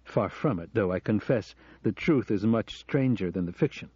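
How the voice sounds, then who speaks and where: Earnest confessing professor, read by a man: low, mellow, dry and a bit dull. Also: animated, moderate pace, husky, no echo. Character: middle-aged American professor confessing, earnest. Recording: dull lo-fi audio.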